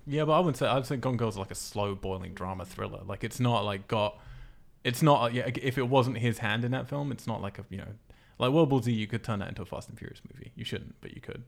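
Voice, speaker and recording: A man's voice: mid-range voice, fast, creaky. A man hosting a podcast from England, chatting casually with a laugh, full of "like" and "uh". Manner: laughs often, chatty, frequent "like" and "uh". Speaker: podcast host. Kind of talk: casual chat.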